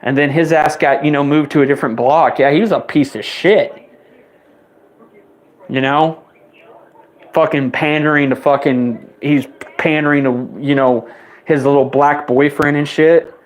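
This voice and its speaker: A man's voice: on the high side, steady tone. Twenty-something guy venting mad, cussing nonstop, voice shoots up when he's worked up. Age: 20s. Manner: heated, rapid-fire swearing, voice spiking up when riled. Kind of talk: angry profane rant to the camera.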